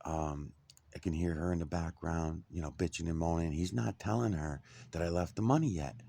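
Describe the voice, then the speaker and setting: A middle-aged man casually telling a personal story, swearing a lot and getting animated. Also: low voice, normal speed, vocal fry, dry recording. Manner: profane, animated, indignant.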